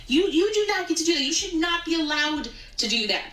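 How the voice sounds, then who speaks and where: A woman with a high, sharp-edged voice rants emphatically, repeating her points. She sounds set back from the mic in a reverberant room. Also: expressive, a little fast. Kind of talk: social media rant. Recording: echoey room, voice far from the mic.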